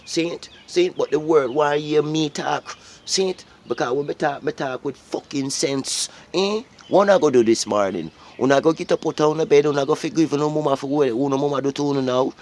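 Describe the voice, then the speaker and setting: A man's voice: fairly high pitch, brisk, darkish tone. A man with a Jamaican accent delivering a preachy, profane rant to his viewers, often repeating questions at them. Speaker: vlogger. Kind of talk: ranting monologue to viewers.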